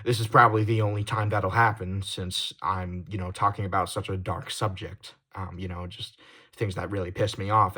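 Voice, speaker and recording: Young man in a heated, halting confession. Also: sits low. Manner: heated, swearing, apologetic; halting restarts, trailing off quietly. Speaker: YouTuber. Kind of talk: confessional vlog monologue.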